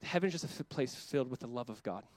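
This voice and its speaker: A young adult man preaching a sermon as pastor, impassioned and often voicing God in quick quoted asides. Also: medium pitch, animated, dry recording.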